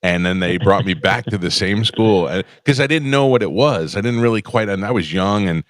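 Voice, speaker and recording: A man's voice: lowish voice, animated, no echo, studio quality. A man hosting a radio talk show, chatting casually with a guest and rambling through his own stories. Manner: rambling storyteller, quick reactions. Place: radio studio.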